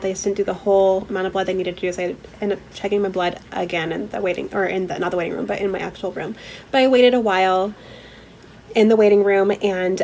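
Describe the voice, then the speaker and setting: A woman's voice: medium pitch, darkish tone, low-quality recording. Young adult woman, vlogger, emotional and teary, candid talk full of fillers, faint background noise. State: teary, holding back tears; stuffy from a head cold. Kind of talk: personal vlog storytelling.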